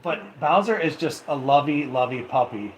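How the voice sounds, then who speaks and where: A man's voice: mid-range voice, animated, moderate pace, slight background noise, rough recording. A man hosting a casual live stream from home on a handheld phone, chatting straight to viewers and reading their comments aloud. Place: at home indoors. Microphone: phone held in hand.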